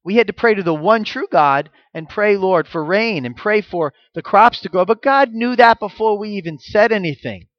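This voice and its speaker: A man's voice: sits high, moderate pace, few pauses, dull audio. A man preaching a sermon in a conversational, emphatic way.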